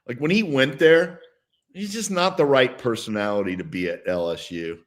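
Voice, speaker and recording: A man's voice: mid-range voice, normal speed. A man in his sixties, a former football player, telling stories and giving blunt opinions as a guest in casual sports talk, chuckling often.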